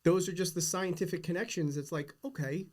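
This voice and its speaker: A man's voice: high voice, fairly quick. A middle-aged man hosting a casual podcast conversation, talking earnestly and insistently about big ideas. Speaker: podcast host.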